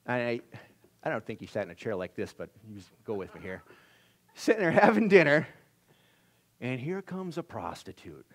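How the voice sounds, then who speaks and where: A male pastor giving a conversational sermon in a church service, swinging from loud exclamations to hushed near-whispers and laughing at himself. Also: medium pitch, sing-song, moderate pace, pauses often.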